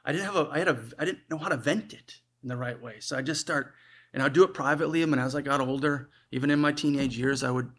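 A male preacher delivers a sermon in a relaxed, conversational way. His pitch sits in a mid range, and he often stops and restarts his phrases. He talks with an earnest, personal tone. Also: fast.

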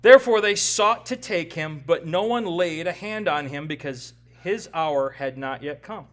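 This pastor, a man in his forties, has a voice on the high side with lively intonation and an unhurried delivery. He preaches an expository sermon in a conversational, emphatic way, regularly tossing "right?" to the congregation.

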